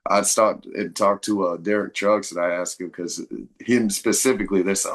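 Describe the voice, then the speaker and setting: Laid-back man with a low voice. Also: fairly even intonation, moderate pace. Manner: laid-back, says "man" often, laughs easily. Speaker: guest, blues musician. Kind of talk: casual interview chat.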